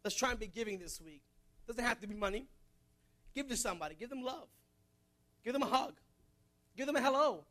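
A man preaching a sermon, mixing joking asides with loud exhortation. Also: very high voice, expressive, fairly quick, pauses often.

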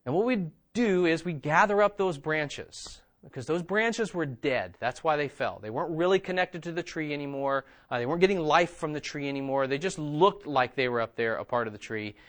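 A man delivers a sermon in a relaxed, conversational way, circling back to the same phrases for emphasis. His voice sits fairly high for a man. He keeps checking in with his listeners through quick asides. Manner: conversational preaching, repeats phrases for emphasis, asks "okay?" and "right?". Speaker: pastor.

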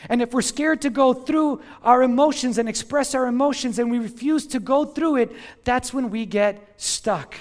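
High-voiced middle-aged man preaching. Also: normal speed, hardly any pauses. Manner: earnest, repeats words, calls on the congregation to respond. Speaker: pastor. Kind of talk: sermon.

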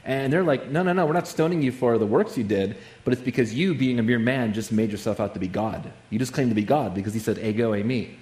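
A man's voice: medium pitch, quick pace, hardly any pauses, a little mellow, echoey room. A man preaching a sermon in a conversational way, with many asides and fillers. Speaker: pastor.

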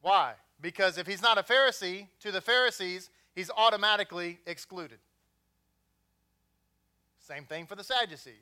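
A man's voice: sits high, normal speed, pauses often, sharp tone, clear, resonant tone. A man with a Texan accent preaching a sermon in a conversational way, with joking asides. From Texas.

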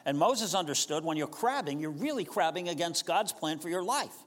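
A man's voice: fairly high pitch, expressive, fairly quick, in a large hall. A man preaching a sermon in a casual, conversational way, often asking his listeners questions. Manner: conversational, asks the congregation questions. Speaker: pastor.

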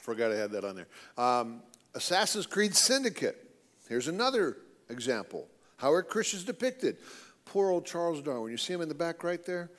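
A man's voice: fairly high pitch, sing-song, normal speed, a bit bright, big-room sound. A man giving a live talk, mocking with sarcastic repetition.

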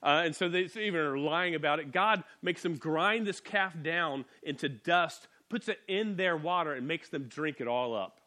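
A man with a fairly high voice preaches in a loose, conversational way. He is animated and lively, dropping into little voices as he retells the story. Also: normal speed, few pauses. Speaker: pastor. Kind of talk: sermon.

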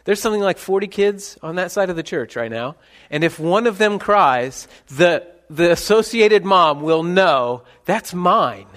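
A pastor preaching a sermon, swinging between hushed reflection and loud, ringing calls. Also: male voice, high-pitched, expressive, moderate pace, few pauses. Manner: dramatic shifts between soft and loud, calling out names.

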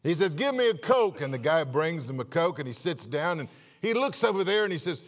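A man pastor preaching a sermon, telling a joke-filled story in a lively way and often repeating words. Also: fairly high pitch, brisk, in a large hall. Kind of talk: sermon with jokes. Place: church.

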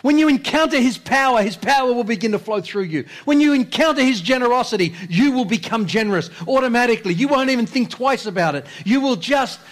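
A man preaching a sermon as pastor, impassioned, repeating phrases, swinging between loud exhortation and hushed low lines. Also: lively intonation, fast, few pauses.

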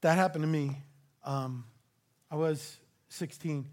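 A middle-aged man from Louisiana preaching a sermon as a pastor, conversational with joking asides, at times dropping to a hushed intensity. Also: fairly high pitch, fairly even intonation, slow.

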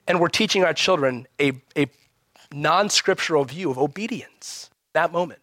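A pastor with a high-pitched male voice, preaching a lively, conversational sermon that keeps turning to the listeners with quick rhetorical questions. The sound is dry and close, with no room echo. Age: adult parent.

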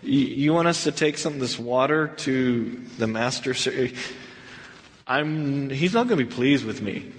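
A jittery servant stumbles over his words, as a man puts him on, his voice dropping lower than his usual. His tone is hesitant and fearful of his master. It echoes through a reverberant hall. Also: expressive, a little slow, close to an everyday voice. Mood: nervous. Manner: nervous, stammering. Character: flustered male servant at a wedding feast.

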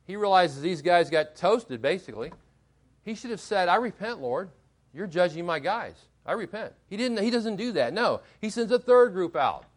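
Emphatic preacher man, fairly high voice. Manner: emphatic, asks the congregation rhetorical questions. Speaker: pastor. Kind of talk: sermon.

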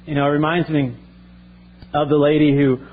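An earnest male pastor delivering a sermon, often circling back and restarting his phrases. His voice is fairly high, and the recording sounds thin and phone-like. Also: level tone, normal speed.

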